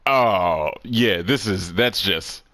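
A man's voice: low voice, takes it slowly, pushed and bright. A man hosting a video game playthrough in casual commentary, swearing, joking and laughing often. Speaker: gaming channel host. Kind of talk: casual let's-play commentary.

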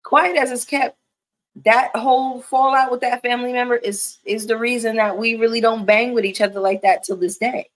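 A woman's voice: on the high side, steady tone, moderate pace. A woman in her thirties chatting casually and candidly as a commentary vlogger, emphatic and profane. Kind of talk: casual chat.

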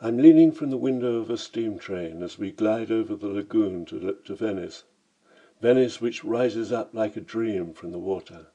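Low, mellow man reading his memoir. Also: moderate pace, rough recording. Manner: vivid, storytelling, dramatic shifts in tone. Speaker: memoir narrator.

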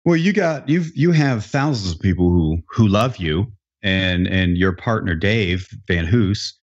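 This man hosts a podcast interview in a relaxed, joking way, drifting into stories and restarting sentences as he goes. His voice sits fairly low, and the sound is a bit dull and lo-fi. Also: unhurried. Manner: jokey, chatty, loose storytelling with restarts. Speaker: podcast host. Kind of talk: casual interview chat.

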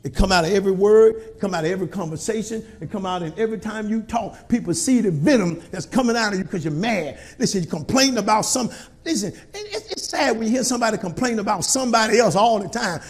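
Preacher, male, very high voice, preaching cadence, folksy and punchy. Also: animated, fast. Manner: call-and-response preaching, colloquial, rising to shouts. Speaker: pastor. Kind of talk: sermon.

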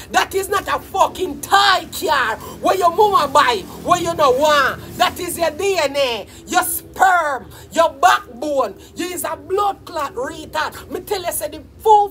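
A woman with a Jamaican accent delivering a loud, profane comedic rant, scolding and shouting. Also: high-pitched, slight background noise. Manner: shouting, scolding, heavy swearing.

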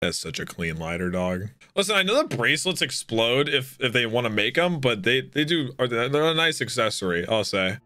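A young adult hosting an anime reaction video, talking loudly, exclaiming and swearing often. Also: mid-range voice, big pitch swings, normal speed, few pauses, dry recording, faint music behind. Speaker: anime reaction channel host. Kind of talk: excited reaction commentary.

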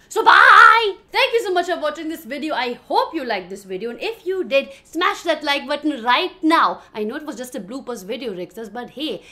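A young woman vlogger talking fast and giggling through her bloopers. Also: high voice, pushed and bright. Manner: hyper, giggly, talks fast. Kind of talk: bloopers vlog.

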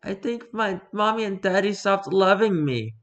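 A small, pleading little girl, lost and wanting her parents, her voice light and bright and hushed, voiced by a man. Her lines rise and fall in a lively, childlike sing-song. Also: sits high, normal speed. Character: sweet little girl lost at a theme park.

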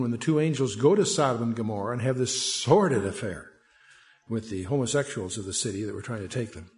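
A man giving a Bible study lecture, talking in a conversational, digressive way with asides and reading scripture aloud. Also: mid-range voice. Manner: reads scripture aloud in a lifted voice. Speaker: Bible teacher.

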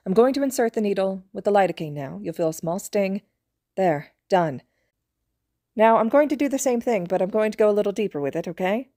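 A woman voicing a calm, authoritative female trauma doctor who gives brisk clinical orders and reassures patients. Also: mid-range voice, dry recording, clean studio sound, natural voice. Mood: reassuring.

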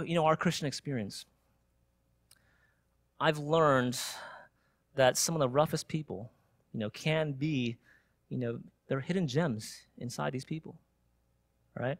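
A young adult man preaching, telling a personal story in an animated way and asking "right?" again and again. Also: fairly high pitch, no echo, clean studio sound. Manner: animated storytelling with frequent "right?" tag questions. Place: church sanctuary.

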